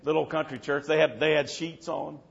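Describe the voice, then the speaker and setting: Preacher, hushed to shouting. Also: male voice, fairly high pitch, normal speed, gravelly, dull audio. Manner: animated, swings from hushed to shouting. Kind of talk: sermon storytelling.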